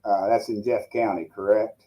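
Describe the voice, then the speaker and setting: A man's voice: lowish voice, flat delivery, moderate pace, muffled recording. A man with a Tennessee accent, talking as a guest in a casual interview and telling folksy, rambling stories. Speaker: congressman guest.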